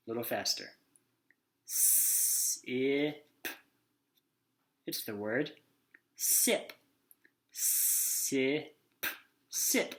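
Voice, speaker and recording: This is a slow-paced children's phonics lesson led by a man whose mid-range voice has a bit of brightness. Letter by letter he sounds things out, then acts out each word.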